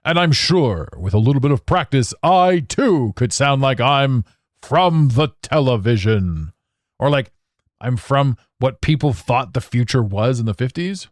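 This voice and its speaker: A man hosting a solo podcast monologue, animated and theatrical, swearing now and then. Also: mid-range voice, unhurried, no room sound, studio quality. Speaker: podcast host.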